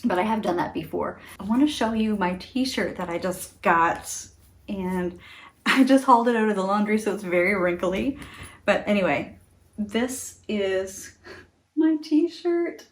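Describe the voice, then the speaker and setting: A woman's voice: medium pitch, animated, a little slow. A middle-aged woman in a casual talk to camera, chatty and earnest, laughing often. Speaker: beauty vlogger.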